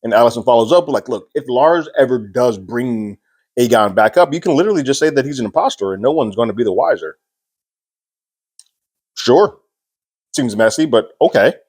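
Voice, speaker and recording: A man's voice: medium pitch, lively intonation, normal speed, pauses often, a little mellow, breathy edge. A man casually recapping a TV episode, chatty and amused, paraphrasing scenes with frequent fillers. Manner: amused, laughing between points. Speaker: TV show recap host.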